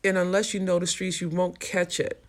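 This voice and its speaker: A woman's voice: on the low side, level tone, moderate pace. A woman hosting a casual livestream, frankly answering viewer comments in a streetwise way. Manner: frank and streetwise, swears freely. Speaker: livestream host.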